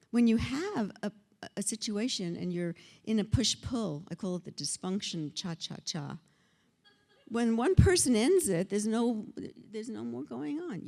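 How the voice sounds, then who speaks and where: An older woman delivers a conference keynote with a lively voice that swoops up and down. She is theatrical and teasing, dropping into character whenever she acts out the people she quotes. The talk comes across like a stage address to a live audience. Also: fairly high pitch, measured pace, creaky. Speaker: keynote speaker. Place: conference hall before an audience.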